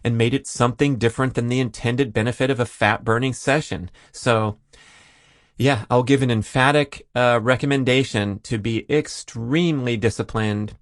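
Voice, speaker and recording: A man's voice: mid-range voice, fairly even intonation, normal speed, no echo, studio quality. A man hosting a solo podcast, explaining listener questions in an easy, conversational way with frequent "uh" fillers. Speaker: podcast host.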